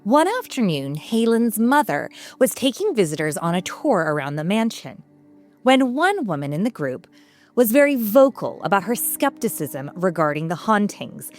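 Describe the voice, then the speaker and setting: A woman host narrating a ghost story from a script in a measured, expressive way. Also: mid-range voice. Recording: soft music underneath.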